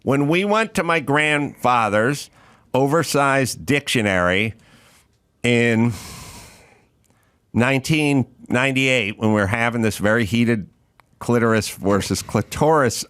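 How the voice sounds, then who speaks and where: A man hosting a podcast, with a lively voice that swoops up and down as he tells a story. He talks in a casual, profane, comedic way and slips into the voices of the people in his stories. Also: medium pitch. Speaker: podcast host.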